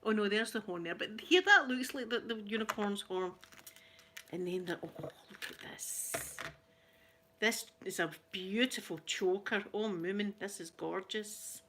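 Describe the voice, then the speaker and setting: A Scottish woman chatting through a gift unboxing at home, gushing and laughing easily, slipping between soft near-whispers and excited exclamations. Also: mid-range voice, measured pace, slight background noise. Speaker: ASMR vlogger. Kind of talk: casual unboxing chat.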